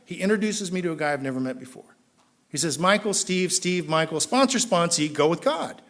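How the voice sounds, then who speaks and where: Speaking briskly at a recovery meeting, a middle-aged AA speaker with a Southern Californian accent tells his story and acts out the people in it. His voice climbs loud and high whenever he gets excited.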